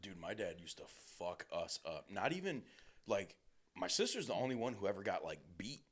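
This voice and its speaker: An American man co-hosting a podcast, telling a childhood story in a casual, animated way with plenty of swearing. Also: fairly low pitch, normal speed. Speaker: podcast co-host.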